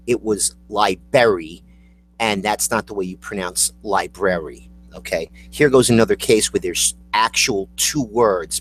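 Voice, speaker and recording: A man chatting casually about word pronunciations, joking and drawing out the words he spells. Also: on the low side.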